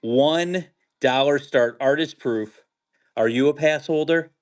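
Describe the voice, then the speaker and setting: A man's voice: a little high, takes it slowly. A man hosting a pin sale livestream, chatting casually with restarts and calling out auction items. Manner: rambling, enthusiastic, restarts sentences. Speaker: host selling pins on a livestream. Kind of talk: casual chat and auction calls.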